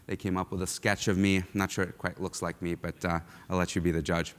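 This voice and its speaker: A man's voice: low-pitched, little pitch movement, quick pace. A man from Russia giving a conference keynote, talking conversationally with frequent ums and uhs. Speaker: keynote speaker. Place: large lecture hall. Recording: long hall reverb.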